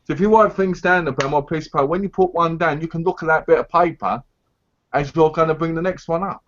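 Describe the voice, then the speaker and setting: A man's voice: on the high side, quick pace. A man co-hosting a casual live chat, giving blunt, insistent advice in a lecturing tone. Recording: dull lo-fi stream audio.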